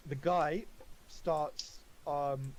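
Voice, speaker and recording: A man narrating as game master in a casual, halting way, full of fillers and quick laughs. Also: on the high side, fairly even intonation, slight background noise, rough recording.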